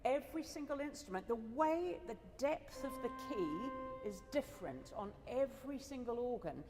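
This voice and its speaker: A woman's voice: on the high side, big pitch swings, moderate pace, music in the background. Chatty woman organist in a reverberant hall. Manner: chatty and enthusiastic, with laughs and asides. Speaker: organist adjudicator. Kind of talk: informal talk to an audience. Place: school hall.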